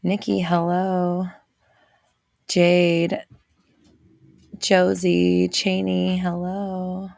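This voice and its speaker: A woman hosting a livestream from a home setup, speaking slowly into a close, dry microphone. Her voice has a gravelly fry to it, and she is chatty and playful as she greets her viewers. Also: on the low side, monotone, a little mellow, no echo. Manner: chatty and playful, reads out viewer names and laughs often. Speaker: host of a livestream show. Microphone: visible desk microphone on an arm.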